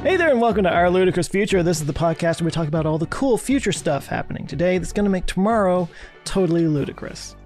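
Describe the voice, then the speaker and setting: A man hosting a podcast, opening the show in an upbeat, energetic way. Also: high voice, fast, faint music behind. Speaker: podcast host. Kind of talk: podcast intro and casual chat.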